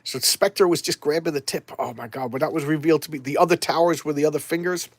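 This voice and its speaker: A man's voice: fairly high pitch, quick pace, no echo. A man casually reviewing comic books, retelling the story in an enthusiastic, rambling way. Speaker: comics collector vlogger.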